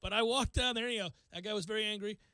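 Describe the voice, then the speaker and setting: A male radio host telling a self-deprecating story in casual talk, acting out quotes with lively energy. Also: sits high, quick pace, no echo.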